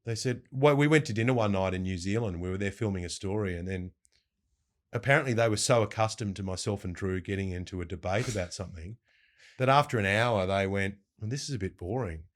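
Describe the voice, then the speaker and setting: Middle-aged Australian man, deeper register, animated anecdotal interview guest. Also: fairly quick. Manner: lively anecdotes, mimics quoted voices. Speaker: breakfast radio host, guest. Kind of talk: casual storytelling interview.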